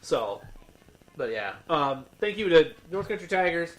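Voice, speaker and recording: A man's voice: on the high side, big pitch swings, measured pace, poor audio. A man co-hosting a podcast in casual chat, rambling with many fillers and restarts. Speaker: podcast co-host.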